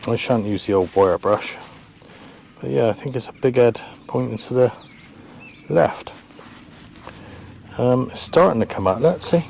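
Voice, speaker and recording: A man's voice: medium pitch, unhurried, vocal fry, long pauses, a little mellow, a little hiss or hum. A man vlogging his metal detecting in a farm field, thinking aloud in a hesitant, chatty way as he talks to the camera. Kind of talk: casual commentary to camera. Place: open farm field outdoors.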